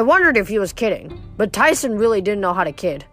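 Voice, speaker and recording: A woman reads a novel aloud in a lively storytelling manner, stumbling and restarting now and then. Her voice sits at a middle pitch. Faint music plays beneath. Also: a little fast, hardly any pauses. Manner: expressive, voices characters, occasional slips and restarts. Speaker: reader.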